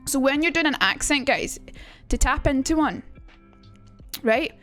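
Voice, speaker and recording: A young woman talks through a casual livestream lesson, quick to poke fun at herself and swear. Her voice sits high, and soft music plays faintly behind her. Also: expressive. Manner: chatty and self-mocking, swears freely. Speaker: streamer teaching accents.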